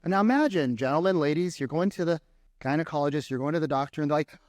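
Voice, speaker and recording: Lively man giving a sales talk. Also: fairly high pitch, quick pace, no echo. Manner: energetic, acts out mocking caller voices. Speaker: sales trainer. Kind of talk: keynote talk to a live audience. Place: conference room with an audience.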